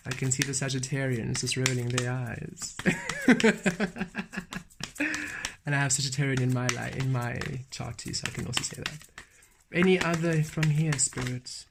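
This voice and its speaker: Slow, chanting spiritual tarot reader. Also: mid-range voice, creaky, background noise. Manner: slow, incantatory repetition with frequent laughter. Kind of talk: spiritual channeled reading. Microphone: camera on a table.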